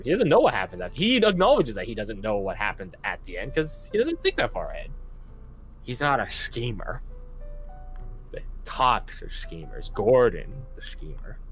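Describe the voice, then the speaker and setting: A man's voice: lowish voice, moderate pace, soft background music. A young man acting as game master, chatting casually and with lots of energy, laughing between lines. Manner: animated, laughing, lots of fillers. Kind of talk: casual tabletop game chat.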